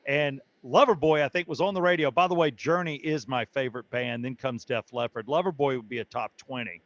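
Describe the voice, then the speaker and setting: A middle-aged man, a guest comedian, telling bawdy stories in a brash, animated way. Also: mid-range voice, brisk, no room sound, lo-fi sound. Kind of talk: casual storytelling.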